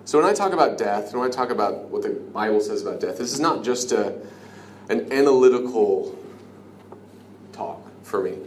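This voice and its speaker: A man preaching a sermon in an earnest, conversational way, dropping to a hush on key lines. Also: fairly low pitch, lively intonation, moderate pace. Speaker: pastor. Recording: echoey room with faint ambient noise.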